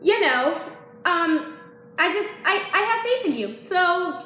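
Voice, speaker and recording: A woman's voice: very high-pitched, animated, slow, bright, forceful tone. A young woman teaching dance, chatty and apologetic, counting the beats aloud. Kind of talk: dance tutorial vlog. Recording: echoey room with faint noise.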